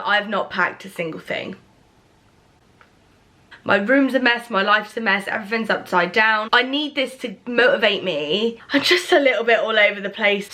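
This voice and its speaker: A woman's voice: on the high side, pushed and bright. A young woman from England chatting casually to her camera at home, rambling and emotional, close to tears at times. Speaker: vlogger. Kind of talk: casual talking-to-camera vlog.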